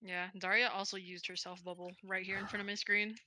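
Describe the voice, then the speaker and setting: A woman's voice: medium pitch, level tone, brisk, pushed and bright, a little hiss or hum. A woman in gaming voice chat, joking and teasing her teammates.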